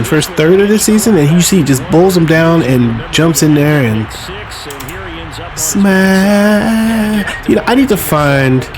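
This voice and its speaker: A man talks slowly and casually over his football video game, calling the plays like a commentator. He stays laid-back and self-mocking, with sudden excited bursts. A loud stadium crowd from the game plays behind him. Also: fairly high pitch. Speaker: podcast host playing a football video game. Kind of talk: casual play-by-play commentary while gaming. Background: stadium crowd sound from the game.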